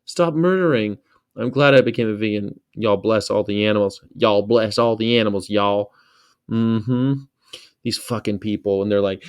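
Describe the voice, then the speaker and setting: A man's voice: on the low side, moderate pace, smooth. A man hosting a reaction video, casual, profane and mocking, rambling from one thought to the next.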